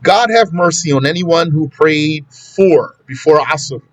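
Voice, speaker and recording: A man's voice: on the high side, unhurried, dry recording. Man teaching a classroom lesson, dry sound. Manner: explains step by step, recites Arabic quotations then translates; plain conversational teaching with asides to students. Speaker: Islamic studies teacher. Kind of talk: classroom lesson on a law text.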